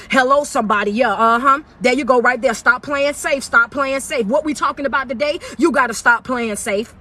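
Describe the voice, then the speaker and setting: Woman, motivational speaker on a phone live stream in a car; bright, forceful, preachy and upbeat. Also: a little high, slight background noise. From South Carolina. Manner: energetic, preachy call-and-response, greets viewers by place. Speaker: motivational speaker and life coach. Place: inside a parked car.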